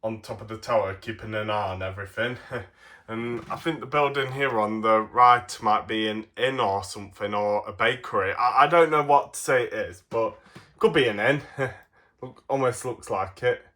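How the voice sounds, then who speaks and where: A man's voice: lowish voice, normal speed, a bit bright. An English man with a cold giving a casual toy review, rambling with many fillers and frequent laughs. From England. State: has a cold.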